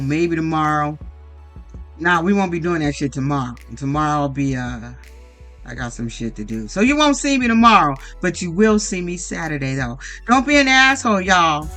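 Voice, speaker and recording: Speaking in a mid-range voice, a reality TV recap commentator delivers a blunt, profane, animated monologue and acts out quoted lines.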